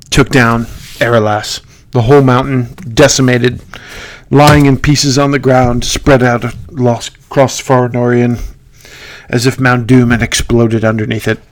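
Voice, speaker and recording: A man's voice: medium pitch, no room sound. A man hosting a casual gaming podcast, rambling and poking fun at himself, with lots of "uh"s. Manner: rambling, self-mocking, many fillers. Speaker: podcast host.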